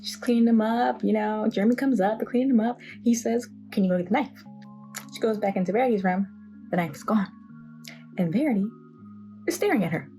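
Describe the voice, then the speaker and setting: A woman's voice: on the high side, brisk, warm tone, faint music behind. A young woman vlogging casually about a book, reacting dramatically and in disbelief to the plot. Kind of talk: casual chat.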